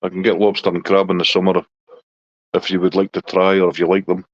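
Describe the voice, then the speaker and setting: Low-voiced Scottish man chatting. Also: quick pace. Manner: relaxed, chatty, talks to his dog in a high baby voice. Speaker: livestream host chatting with viewers. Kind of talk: casual chat. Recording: dull lo-fi dry sound.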